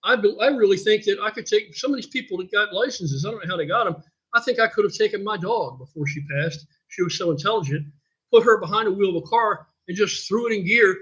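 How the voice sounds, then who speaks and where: Here the older American stream host's voice runs high, fast, a bit bright and slightly rough as he answers viewers' questions in a rambling, foul-mouthed, blunt way. It's captured in dull, lo-fi stream audio.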